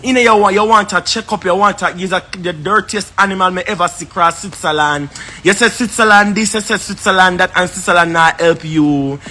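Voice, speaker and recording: A man's voice: high voice, fairly quick, pushed and bright. A man with a Jamaican accent, ranting on a live stream in a confrontational, repetitive, scornful way. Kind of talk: heated live-stream rant.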